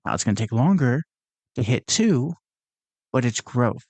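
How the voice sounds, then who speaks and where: A man's voice: medium pitch, big pitch swings, normal speed, a little mellow, dry recording. A young man hosting his own podcast, talking through his thoughts in a casual, earnest, rambling way, with frequent fillers and restarts. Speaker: podcast host. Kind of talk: casual reflective monologue.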